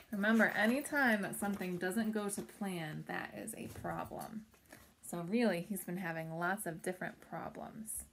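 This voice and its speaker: A woman reads a children's picture book aloud at home in a gentle storytelling voice. She pauses now and then to point out the pictures and ask young listeners what they think will happen. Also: medium pitch, creaky. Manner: gentle, stops to chat about the pictures.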